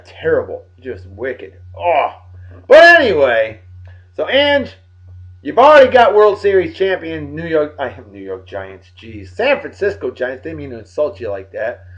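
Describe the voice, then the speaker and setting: A tired man giving joking, animated shout-outs to friends in a casual vlog. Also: fairly high pitch. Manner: animated, joking sports banter. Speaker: vlog host. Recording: dull lo-fi recording.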